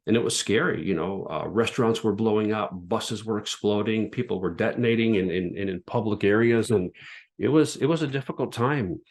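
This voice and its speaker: A man's voice: lowish voice, brisk, darkish tone. A man in his fifties hosting a podcast, telling a personal story in an earnest, candid way and often repeating words as he goes. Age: 50s. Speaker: podcast host.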